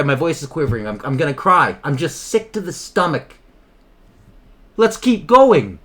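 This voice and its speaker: A man's voice: high-pitched, a bit bright. A man hosting his own channel, delivering an impassioned, emphatic political commentary monologue with frequent repetition. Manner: impassioned, emphatic, repeats himself. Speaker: channel host.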